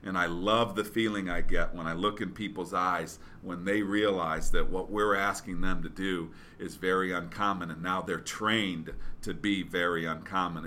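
A man's voice: low-pitched, pushed and bright, a little hiss or hum. A man telling a motivational story in a casual, rambling way, with lots of fillers and restarts. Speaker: business speaker.

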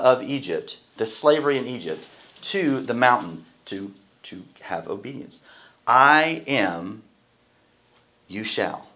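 A man's voice: mid-range voice, fairly bright tone. A man, a pastor, teaching a Bible class in a conversational way and often asking the group questions.

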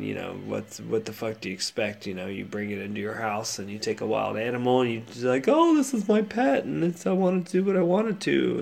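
Gravelly laid-back man hosting. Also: lowish voice. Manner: rambling, laid-back with many fillers and restarts. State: sad, subdued. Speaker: podcast host. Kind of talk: casual solo monologue.

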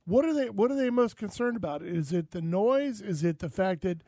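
A man's voice: high-pitched, expressive, moderate pace, mellow, no echo. A man hosting an outdoors talk radio show, folksy and rambling with frequent fillers.

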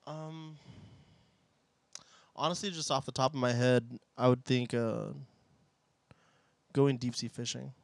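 A man's voice: medium pitch, fairly even intonation, takes it slowly, long pauses, no echo. A man chatting casually who hesitates and fills his thoughts with "like" and "um". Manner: hesitant, many fillers, musing. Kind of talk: casual podcast chat.

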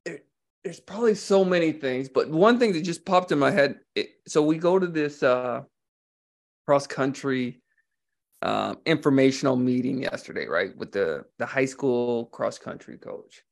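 A man with a gravelly, creaky voice chats casually as a podcast co-host. His delivery is laid-back and unhurried. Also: medium pitch, lively intonation. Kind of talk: casual chat.

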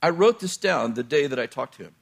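A man's voice: on the high side, expressive, a little fast, vocal fry. A middle-aged man, a pastor, telling a personal story in a sermon, chatty and laughing at his own jokes, often breaking off mid-sentence.

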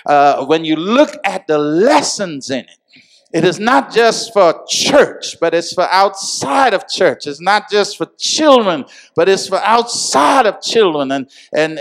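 A man preaching a sermon to a congregation, with call-and-response phrases, rising from calm teaching to shouted emphasis. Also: a little high. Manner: repeats "come on, y'all" and "amen". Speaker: pastor.

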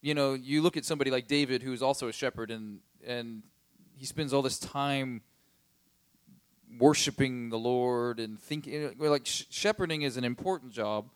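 A man's voice: mid-range voice, normal speed, clean tone, no room sound. A man giving a casual Bible teaching, retelling the story in a chatty, conversational way with plenty of fillers.

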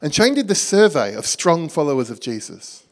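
A middle-aged Australian man preaching, telling a lively story and acting out the dialogue with a laugh in his voice. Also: on the high side, moderate pace. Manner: animated storyteller, acts out dialogue, laughs at himself. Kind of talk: storytelling sermon.

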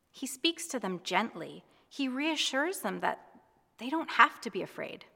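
A woman giving a gentle, reassuring devotional sermon, speaking in a reflective way. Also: fairly high pitch, creaky, in a large hall. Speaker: preacher.

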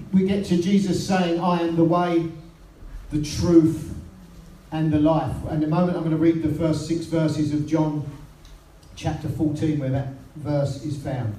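A British man preaching a sermon, telling the story and quoting scripture in a lowered voice. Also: warm tone. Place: church hall. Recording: roomy sound from a distance.

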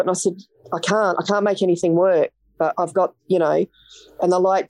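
A woman's voice: fairly low pitch, steady tone, fairly quick, darkish tone, no echo. Australian woman telling a blunt story. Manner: vivid, blunt storytelling that acts out quoted dialogue. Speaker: podcast guest. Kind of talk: storytelling in a casual interview.

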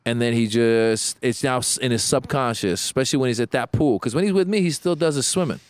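A man's voice: mid-range voice, fast talker, dry recording. A man in his thirties chatting casually as a podcast co-host, acting out quotes as he tells stories. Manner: animated storyteller, acts out quotes. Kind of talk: casual chat.

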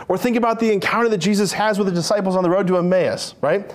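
A man preaching a lively sermon, playful and animated, acting out characters in his stories. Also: sits high, fast talker.

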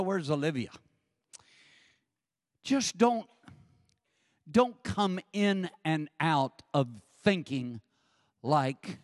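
A man's voice: sits high, fairly bright tone, no echo, studio quality, big-room sound. A man preaching a sermon, telling a funny story with lots of animation, acting out voices and laughing often. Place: church sanctuary.

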